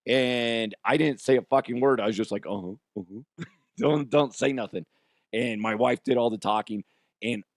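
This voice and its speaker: Hoarse, profane male comedy host. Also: medium pitch, no echo, studio quality. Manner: profane, self-mocking. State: hoarse, strained voice. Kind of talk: casual comedic monologue.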